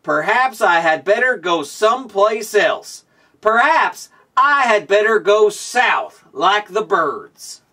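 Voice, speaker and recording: A man voicing a careless, easygoing male bear who wanders and sings, in a lower put-on voice for a storybook read-aloud. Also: very animated, slow, sharp tone, distant mic, heavily acted. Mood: worried.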